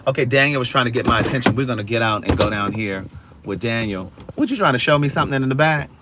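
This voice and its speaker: A man hosting a casual outdoor livestream, talking directly to his viewers in an animated, chatty way. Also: mid-range voice, fast talker, background noise. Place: outdoors in a yard.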